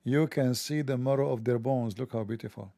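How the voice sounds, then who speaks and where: Gravelly man with a sarcastic monologue. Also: mid-range voice, fairly quick, warm tone, no echo. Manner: mocking, joking, rambling asides. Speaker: religion commentator.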